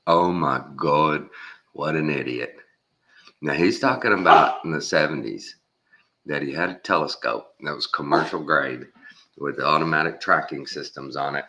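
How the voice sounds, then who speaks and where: Very deep-voiced, sarcastic man from Texas. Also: normal speed, pushed and bright, slight background noise. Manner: rambling, sarcastic, scornful. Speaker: channel host. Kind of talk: casual commentary vlog. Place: home.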